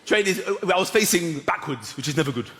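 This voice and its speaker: A man's voice: fairly high pitch, expressive, quick pace. A man performing stand-up comedy on a large theatre stage, telling stories animatedly and acting out characters. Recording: echoey theatre with loud audience laughter.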